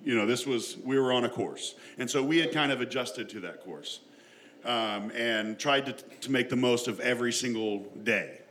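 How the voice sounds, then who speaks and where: A man's voice: medium pitch, normal speed, a bit bright, a little hiss or hum. A man telling a personal family story to an audience in a chatty, self-deprecating way, laughing often as he goes.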